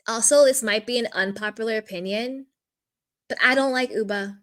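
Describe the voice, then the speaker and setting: With a fairly high, slightly bright voice at normal speed, this woman reacts to a reality show. Her talk is loose and frank, loaded with opinions and repeated "like."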